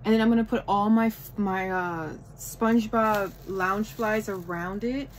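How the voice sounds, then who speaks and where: A woman vlogging a shopping haul from home in casual chat, gushing and excitable over each item. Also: mid-range voice, moderate pace, a little hiss or hum, poor audio. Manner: gushing, excitable, repeats "oh my goodness".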